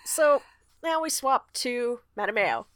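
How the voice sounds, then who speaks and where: A woman's voice: fairly high pitch, lively intonation, slow pace, a bit bright, no echo. A woman co-hosting a podcast, summarizing a book chapter in a casual chat and often laughing. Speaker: podcast co-host recapping a book.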